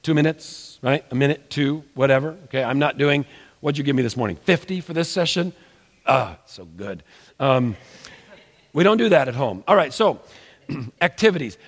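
A man's voice: medium pitch, moderate pace, in a large hall. A man teaching a room about family worship, telling stories with animation and acting out children's voices. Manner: animated storyteller, acts out children's voices, jokes with the audience. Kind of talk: lively conference teaching talk.

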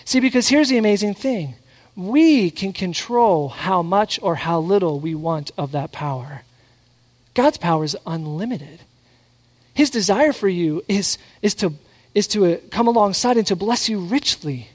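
Male pastor, high voice, animated storytelling sermon, echoing church hall. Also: unhurried. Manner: animated, acts out quotes. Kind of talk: sermon with personal stories. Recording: long hall reverb.

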